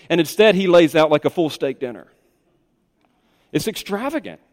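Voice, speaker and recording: A man's voice: mid-range voice, darkish tone, big-room sound. A man preaching a sermon as pastor, talking conversationally and putting questions to his congregation.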